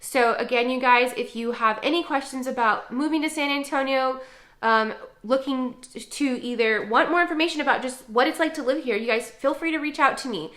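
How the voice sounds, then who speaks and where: A chatty woman from Texas talks casually to the camera as a local realtor. Her voice is bright and sits a little high, and she leans on plenty of "um"s while laughing at her own slips. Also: fairly quick. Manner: chatty, filler-heavy, laughs at herself.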